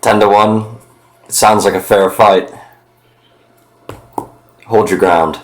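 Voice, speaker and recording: A man speaks as his character in a tabletop game. His voice is very deep, and he talks slowly. He sounds firm and resolute. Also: fairly even intonation. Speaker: player.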